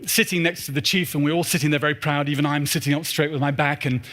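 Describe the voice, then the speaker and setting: Fast-talking man telling funny stories. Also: on the high side. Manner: animated, acts out dialogue in put-on voices. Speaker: keynote speaker. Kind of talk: humorous storytelling talk. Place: large church.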